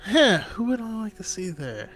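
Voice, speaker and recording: A man co-hosting a casual chat podcast, easygoing and quick to laugh. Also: high-pitched, big pitch swings, fairly bright tone, soft background music. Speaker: podcast co-host.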